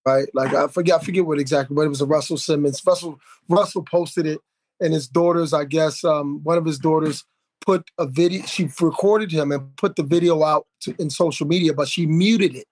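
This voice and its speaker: A man hosting a podcast, telling a story in a lively way, acting out quotes with plenty of fillers and restarts. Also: on the high side, a little fast, no room sound. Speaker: podcast host. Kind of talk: casual podcast conversation.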